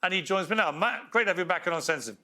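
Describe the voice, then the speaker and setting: A man's voice: sits high, very fast, pushed and bright. A man hosting a TV talk show, reading a scripted intro and questioning a guest. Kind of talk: interviewing a guest.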